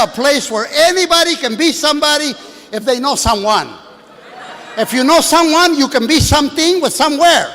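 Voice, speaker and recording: A man in his sixties doing a stand-up comedy set, brashly working the crowd and shouting at the audience from a stage. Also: very high voice. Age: 60s. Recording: live hall with long reverb, faint room noise.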